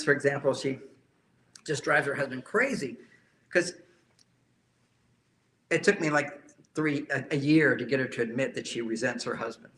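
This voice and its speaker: Gravelly, bright-voiced male counselor. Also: mid-range voice. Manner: emphatic, repeats key phrases. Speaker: relationship counselor. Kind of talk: talk to a live audience.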